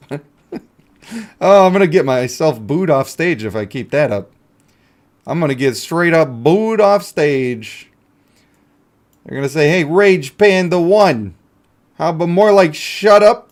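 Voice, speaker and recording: A man giving casual, joking commentary as he plays a mobile game, talking to himself and his viewers. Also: a little high. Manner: playful, jokey, talks to himself and viewers. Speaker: gaming YouTuber.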